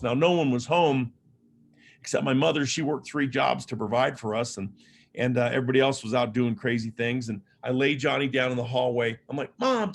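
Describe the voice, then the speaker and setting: A motivational keynote comes from an author and speaker from Las Vegas, Nevada, USA. Using a mid-range voice, he recounts personal stories conversationally, with humor and plenty of self-deprecation.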